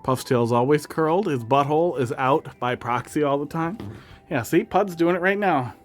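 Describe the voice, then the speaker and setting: A man's voice: a little high, moderate pace. A man with a slight Wisconsin accent, streaming and chatting casually with viewers while talking to his cats in a sing-song voice. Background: faint music.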